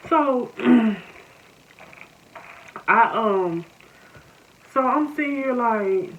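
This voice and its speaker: A woman's voice: on the high side, takes it slowly, long pauses. A young woman with a Southern American accent, vlogging a casual storytime and talking straight to her viewers. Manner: animated, addresses viewers as y'all. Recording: slightly muffled with faint noise.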